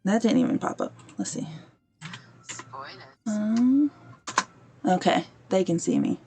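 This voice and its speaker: A woman's voice: medium pitch, huge pitch swings, slow, warm tone. A woman hosting a podcast, telling a story casually while she plays a game on a livestream. She wanders off-topic to fix her stream and briefly acts out the people she quotes. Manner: chatty, digressive, breaks off to fix her stream. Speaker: podcast host.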